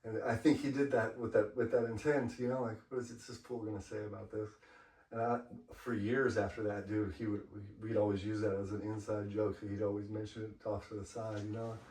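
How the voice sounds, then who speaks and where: Guest graffiti writer from LA, loose and profane storyteller, heard from across a roomy space. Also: male voice, lowish voice, little pitch movement, a little fast, few pauses, darkish tone. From Los Angeles. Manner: profane, laid-back storytelling with frequent "you know". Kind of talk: casual storytelling interview. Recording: roomy, mic far off.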